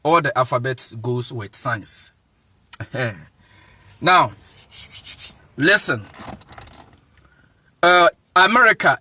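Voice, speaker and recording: A man's voice: fairly high pitch, lively intonation, drawn-out words, pauses often, pushed and bright, dry recording. A man with a Ghanaian accent giving an informal lecture, insistent and repetitive, often checking that the listener follows and chuckling. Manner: insistent, repeats "you see what I'm saying", chuckles often. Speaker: evangelist teaching.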